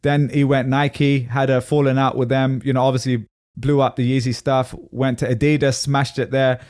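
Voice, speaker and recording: A man's voice: medium pitch, little pitch movement, moderate pace, darkish tone, clear, resonant tone. A man co-hosting a podcast in casual chat, talking at length and laughing easily. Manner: chatty and rambling, laughs easily. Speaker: podcast co-host.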